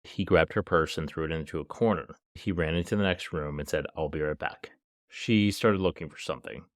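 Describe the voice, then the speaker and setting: Man, podcast host, casual true-crime narration, low voice, dry sound. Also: fairly quick, no echo. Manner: casual, laughs between lines, lots of "like".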